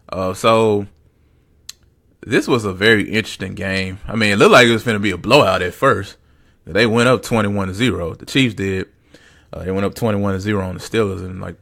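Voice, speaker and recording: Guy hosting a sports podcast, low gravelly voice, rambly and loose. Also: a bit bright. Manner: rambling, repeats phrases, many fillers. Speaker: podcast host. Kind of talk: casual sports commentary.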